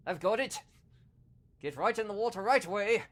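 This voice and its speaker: A man's voice: sits high, expressive, moderate pace, a bit bright, voice pushed up. A man voicing an eager, dutiful talking torpedo. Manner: keen, dutiful.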